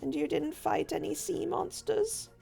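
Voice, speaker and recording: A small, worried child with a high, pleading voice, as a woman puts it on. Music plays faintly behind. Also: measured pace, creaky, warm tone, full character voice. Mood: anxious. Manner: pleading, whiny. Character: young child asking anxious questions.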